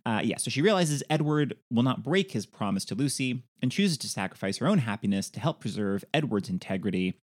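A man's voice: mid-range voice, animated, fairly quick, few pauses. A man co-hosting a podcast, casually recapping a film's plot with playful asides. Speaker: podcast co-host. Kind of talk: casual film discussion.

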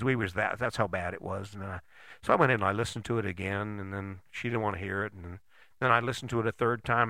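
Older guy with a gravelly bright voice, folksy blunt pep talk, dry close sound. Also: on the low side, no room sound. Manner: folksy, blunt, conversational with frequent "right?". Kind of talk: casual motivational talk.

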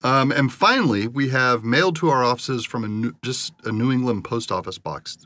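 A man's voice: mid-range voice, moderate pace, bright, forceful tone. A man co-hosting a podcast, chatting casually and reading listener mail in a sarcastic, dry, mocking way. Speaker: podcast co-host.

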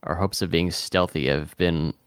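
A man's voice: low-pitched, fairly even intonation, normal speed, a bit bright, smooth, no room sound, clean studio sound. A man playing as a guest in a tabletop game, methodically talking through plans step by step. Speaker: guest player.

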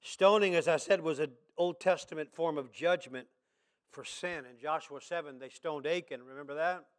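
A man preaching a sermon to his church, posing rhetorical questions and building into shouts. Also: fairly high pitch, normal speed. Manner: impassioned preaching that swells into shouts; asks the congregation rhetorical questions. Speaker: pastor. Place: church service.

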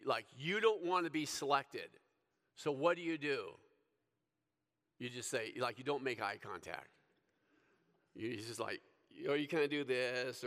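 A man preaching in a loose, chatty way, peppering his talk with asides. His voice sits a little high for a man. A long reverb trails behind each phrase, as in a large hall. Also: sharp tone. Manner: casual, conversational, full of "like" and "right?". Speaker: pastor. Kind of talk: sermon.

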